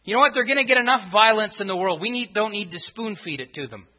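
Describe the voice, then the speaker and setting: A man's voice: high-pitched, lively intonation, fast talker. A man preaching a sermon to his congregation, driving his points home with repeated rhetorical questions. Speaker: pastor. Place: church sanctuary. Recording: dull reverberant church recording.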